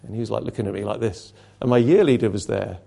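Earnest man preaching, mellow tone. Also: fairly low pitch, fast, vocal fry. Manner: earnest, with frequent restarts and dropping to a hush. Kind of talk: sermon.

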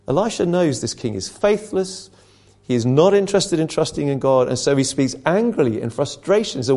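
A man's voice: fairly high pitch, expressive, moderate pace, a little mellow. A male preacher giving a conversational sermon that retells a story and asks earnest rhetorical questions.

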